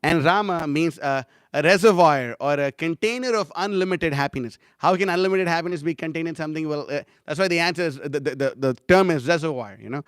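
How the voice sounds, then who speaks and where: Rambling through a casual class full of anecdotes, a young man fills his talk with fillers and laughs. He speaks briskly, with hardly any pauses, in a clean-toned voice on the high side, and the recording is clean studio sound without room noise.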